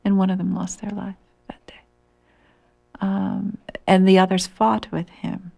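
A woman, a guest on a radio call-in show, telling a historical story and sometimes dropping into a breathy near-whisper. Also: medium pitch, completely flat delivery, a little slow, a little mellow.

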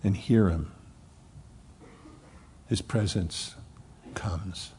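Male pastor, low gravelly husky voice, preaches with big swings from loud to whispered, long hall reverb. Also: a little slow, a little hiss or hum. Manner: preaches with strong swings from loud emphasis to hushed near-whispers. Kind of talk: sermon.

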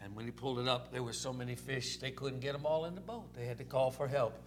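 A man's voice: mid-range voice, fast talker, a little hiss or hum. A male pastor preaching a sermon in a folksy, repetitive storytelling way, dropping in "amen"s.

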